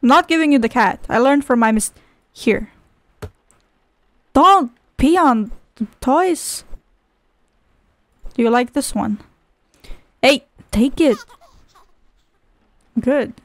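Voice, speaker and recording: Young woman gaming, high voice, swears a lot, sarcastic, dry close mic. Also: dry recording. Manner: profane, sarcastic, exclamatory. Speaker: gaming video host. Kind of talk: casual let's-play commentary.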